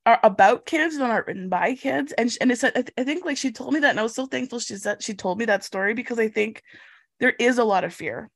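A middle-aged woman, a guest in an interview, telling a personal story in an animated, chatty way and tagging lines with "okay?". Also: a little high, fast, no echo. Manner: animated, chatty, acts out quotes, frequent "like" and "okay?". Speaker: guest, inclusive education researcher. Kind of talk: casual storytelling in a conversation.

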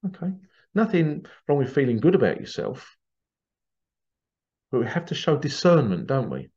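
Here a podcaster on spiritual topics talks casually on his own, meandering, opinionated, and putting on little voices for quotes. His mellow, mid-range delivery is sing-song at normal speed with frequent pauses, and the recording lacks highs.

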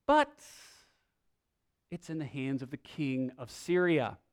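A man's voice: medium pitch, sing-song, slow pace. A male pastor preaching a sermon, praying and reading scripture, with a conversational manner, asides and rhetorical questions.

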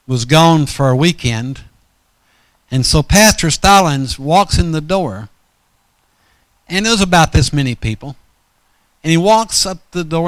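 A man's voice: a little high, a bit bright, clear, resonant tone, dry recording. A man preaching a storytelling sermon in a folksy, rambling way, often correcting himself mid-sentence.

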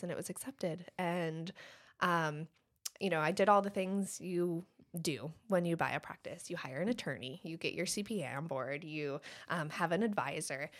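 A woman's voice: deep voice, a bit bright. A woman in her thirties, a dentist guest, telling a story in conversation and laughing often. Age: 30s.

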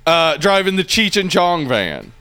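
A man's voice: on the high side, sing-song, unhurried, sharp tone, clean tone, faint music behind. A man co-hosting a casual movie podcast, joking and laughing as he riffs. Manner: laughing, joking, puts on voices for quips. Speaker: podcast co-host.

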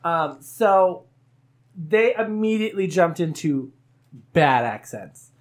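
A woman hosts a relaxed podcast among friends. She talks in a rambling, animated way and laughs often between her stories. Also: lowish voice, slow. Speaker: podcast host. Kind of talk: casual chat with friends.

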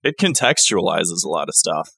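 A man co-hosting a podcast, animated and halting, with many restarts. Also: deep voice, vocal fry, husky, no echo. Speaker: podcast co-host. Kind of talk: casual podcast chat.

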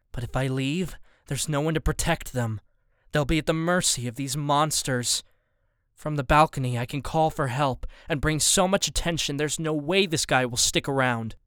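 A man reads a tense first-person story in a smooth, slightly high voice. His delivery is measured and steady, and the recording is dry and close with no room sound. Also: no echo. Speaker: audiobook narrator.

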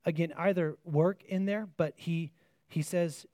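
A man's voice: fairly high pitch, steady tone, slow pace, darkish tone, no echo, clean studio sound. A man preaching a sermon in an earnest way, often restarting his phrases and asking the listeners rhetorical questions.

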